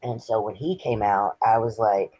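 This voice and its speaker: Husky, mellow man in his fifties. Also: lowish voice, normal speed, no echo, low-quality recording. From Texas. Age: 50s. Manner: earnest, candid and reflective. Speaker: interview guest. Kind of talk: personal storytelling in an interview.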